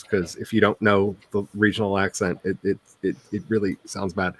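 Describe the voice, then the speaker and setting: A man's voice: lowish voice, no room sound. A man from the Ozarks who is an author, hosting a writing stream in a casual, rambling chat. He talks in a neutral voice that is not his natural one and laughs often.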